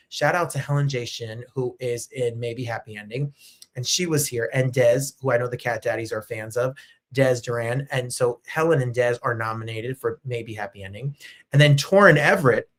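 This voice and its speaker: A man hosting a show in casual chat, excitable and chatty, jumping from topic to topic. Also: mid-range voice. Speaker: host. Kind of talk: casual live-stream chat.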